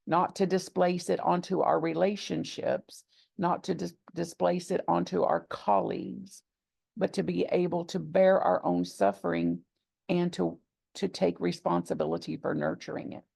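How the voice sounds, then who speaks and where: A woman minister speaks in a low, deeply gravelly voice, teaching a gathered congregation. She talks deliberately and reflectively, coming back to key phrases to stress them. Her voice is captured close and dry, with little room sound. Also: a little mellow, dry recording. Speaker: minister and author. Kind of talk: teaching talk to a live congregation. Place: gathering with a live audience.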